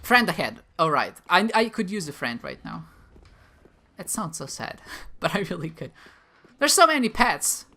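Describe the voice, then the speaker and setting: A man's voice: sits high, very animated, moderate pace, bright, forceful tone. A man giving playful, self-mocking commentary as he plays a game, talking back to enemies. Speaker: gamer, video host. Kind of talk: live gameplay commentary.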